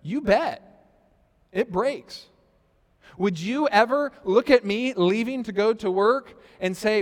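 Male pastor, 30s, high voice, storytelling sermon, big echoing hall. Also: slow. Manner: storytelling with quoted asides, rising and falling loudness. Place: church sanctuary. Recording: reverberant church hall.

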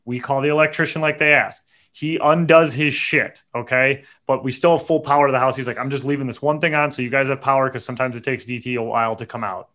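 A man, co-hosting a podcast and telling a story in a casual, animated, profane way. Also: mid-range voice, fast, few pauses. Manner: animated, profane, builds to indignant outbursts. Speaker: podcast co-host.

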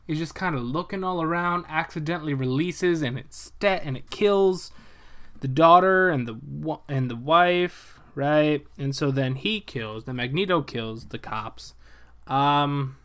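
A young man breezily recapping a film's plot, swearing freely and slipping into quick voices for each character. His voice is bright and forward, pitched a bit above most men's. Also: smooth. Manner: animated, profane retelling with quick voiced asides for characters. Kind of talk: casual movie plot recap.

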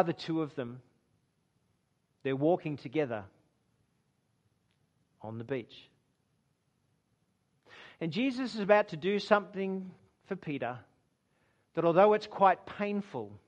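A man preaching a sermon, retelling a story dramatically, acting out quoted lines and dropping low and soft for emphasis. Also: lo-fi sound.

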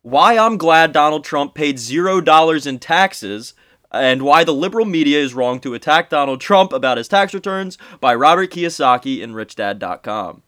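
A man's voice: a little high, lively intonation, normal speed, pushed and bright, no room sound, studio quality. Sarcastic man hosting a podcast. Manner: sarcastic, swears, laughs often. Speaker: podcast host. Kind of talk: casual podcast chat, reading an article aloud.

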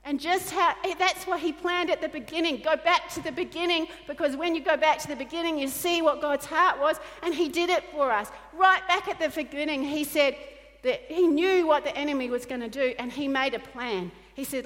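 A woman pastor delivers an earnest sermon, circling back to her points again and again. Her voice sits a little high for a woman. Each phrase rings on in the long reverb of a church hall. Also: fairly quick, a bit bright. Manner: earnest, repetitive preaching with quoted dialogue.

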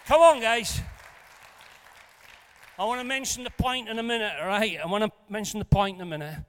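High-voiced pastor in a reverberant hall. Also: male voice, fairly quick, some chatter behind, slight background noise. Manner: animated, jokey storyteller who swings between loud and hushed. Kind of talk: storytelling sermon. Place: church hall. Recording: long reverb of a church hall.

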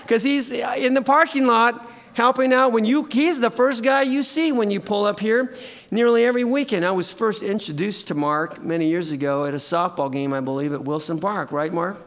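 Guy pastor preaching in church, high voice, gets loud and lively. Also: normal speed. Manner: animated, shouts out quoted cheers. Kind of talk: sermon. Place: church sanctuary.

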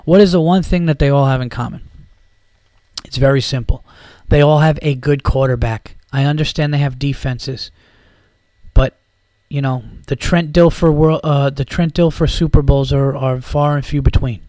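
A man's voice: mid-range voice, fairly even intonation, normal speed, darkish tone, no echo. A man hosting a podcast, ranting about football in a heated, profane, rambling way. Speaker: podcast host. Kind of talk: casual sports rant.

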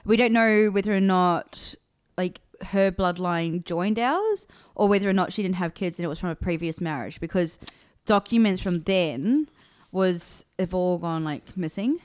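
A woman's voice: on the low side, lively intonation, moderate pace, clean tone, no echo. A young woman co-hosting a podcast in casual chat, talking freely and laughing easily. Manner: chatty, laughs easily, many "like" fillers. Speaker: podcast co-host.

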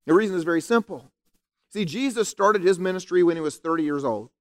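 A man preaching a conversational, animated sermon from a church stage. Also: high-pitched, brisk. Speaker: pastor. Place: church sanctuary.

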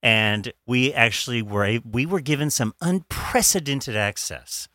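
A man's voice: mid-range voice, animated, a little slow, pushed and bright, dry recording, studio quality. A man co-hosting a podcast, joking playfully and laughing often. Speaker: podcast co-host. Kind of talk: joking casual chat.

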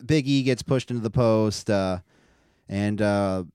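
A man's voice: on the low side, a little slow, darkish tone, smooth, no room sound, studio quality. A man co-hosting a podcast, recapping matches in casual chat, rambling with fillers and acting out quotes. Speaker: podcast co-host.

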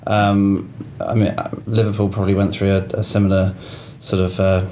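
Male interviewer, low voice, hesitant, ums a lot. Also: flat delivery, moderate pace, warm tone, a little hiss or hum. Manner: hesitant questioning, many ums. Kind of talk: casual interview.

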